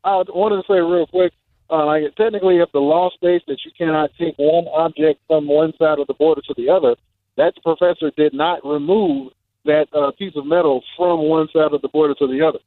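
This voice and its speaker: A man's voice: a little high, fairly even intonation, a little fast, dry recording. Polite male caller on a phone line.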